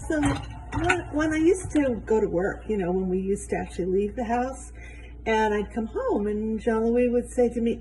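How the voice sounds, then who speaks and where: A woman's voice: moderate pace, poor audio. Middle-aged woman doing punchy stand-up. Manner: punchy joke delivery with bouncy, animated pitch. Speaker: stand-up comedian. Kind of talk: stand-up routine from home. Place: home kitchen.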